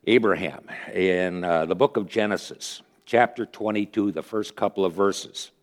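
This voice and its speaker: A man giving a conversational sermon, retelling stories earnestly with pauses as he thinks. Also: deep voice. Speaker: preacher.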